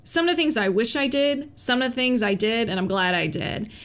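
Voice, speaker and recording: A woman's voice: fairly high pitch, brisk. Earnest woman sharing hard-won advice. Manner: earnest and candid, laughs between thoughts, repeats calming phrases. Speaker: police officer sharing her recovery story. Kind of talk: personal advice vlog.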